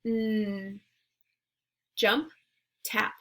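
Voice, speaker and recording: A woman teacher leading a phonemic awareness lesson, saying words and sounds slowly and clearly, with short words of encouragement between drills. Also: mid-range voice, fairly even intonation, a bit bright. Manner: slow, clearly enunciated drills.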